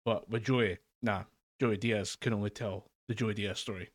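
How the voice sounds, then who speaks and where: A man's voice: on the low side, fairly even intonation, normal speed. A man co-hosting a podcast over a remote call, chatting casually in a rambling way with frequent fillers and laughs. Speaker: podcast co-host. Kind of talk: casual chat. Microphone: remote call mic.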